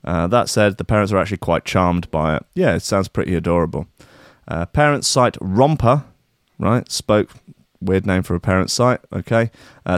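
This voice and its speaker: Low-voiced irreverent male news host. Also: dry recording, clean studio sound. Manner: irreverent, profane, rambling asides. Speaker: podcast host. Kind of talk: casual news commentary.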